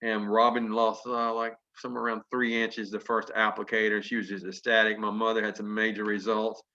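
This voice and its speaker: A man telling a folksy story to an audience, lively and chuckling as he acts out what people said. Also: fairly low pitch, brisk. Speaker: business testimonial speaker. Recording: dull lo-fi conference call audio.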